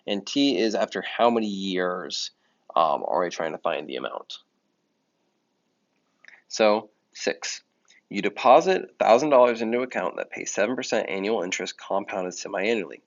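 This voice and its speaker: A man's voice: on the low side, lively intonation, normal speed. A man teaching a math lesson in a casual explaining way, often correcting himself. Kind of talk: recorded classroom lesson. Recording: dull lo-fi audio.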